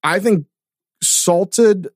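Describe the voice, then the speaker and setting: A man co-hosting a podcast in casual, rambling chat, swearing freely and reading product plugs at a quick clip. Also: high-pitched, dry recording, clean studio sound. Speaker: podcast co-host.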